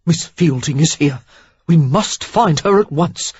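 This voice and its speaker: A man's voice: on the high side, animated, a little slow, slightly rough, dry recording, heavily acted. Narrator doing a nervous frazzled club worker guy, terse, dry audio. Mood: urgent. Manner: tense, urgent. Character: anxious, harried male club factotum. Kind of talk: audiobook character voice. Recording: dull lo-fi dry recording.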